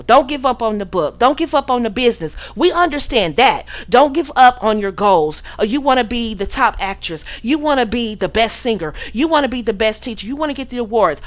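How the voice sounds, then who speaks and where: Direct, preachy woman podcast host. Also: on the high side. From United States. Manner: preachy and direct, quotes scripture, repeats phrases. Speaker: podcast host and relationship coach. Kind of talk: livestream talk to a chat audience.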